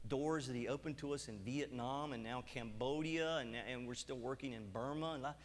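A middle-aged man preaches to his congregation, telling a personal story with lively acted-out dialogue. His voice sits in a middle pitch and carries a long reverb from the hall. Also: normal speed, slight background noise. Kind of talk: sermon with personal testimony. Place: church hall.

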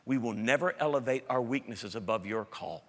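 A middle-aged man, a pastor, preaching a sermon with emphatic swings between loud declarations and hushed intensity. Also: mid-range voice, a little fast. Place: large church hall. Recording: long hall reverb.

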